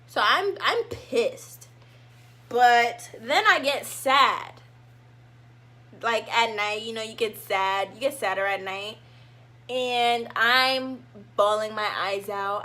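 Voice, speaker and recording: A young woman vlogger telling a casual storytime, animated, and acting out her own past lines dramatically. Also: on the high side, slow pace. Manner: animated, dramatic reenactments of herself.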